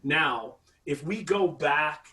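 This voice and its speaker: A man narrating as game master of a tabletop game, rambling and halting, acting out sound effects. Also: on the high side, lively intonation, sharp tone, faint music behind. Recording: voice somewhat far from the mic.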